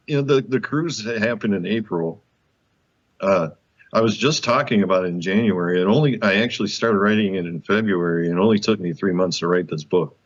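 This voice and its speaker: A man, a guest author, telling a story in an interview, animated and laughing often as he acts out the dialogue. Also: lowish voice, a little fast, highs cut off.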